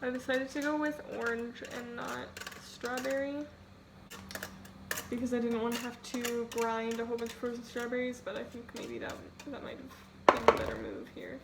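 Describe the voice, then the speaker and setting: A woman's voice: a little high, normal speed. A young woman vlogging casually while cooking in her home kitchen, rambling and poking fun at herself. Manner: chatty, rambling, self-deprecating, many "like"s. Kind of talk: casual cooking vlog chat. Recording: home video with steady background noise.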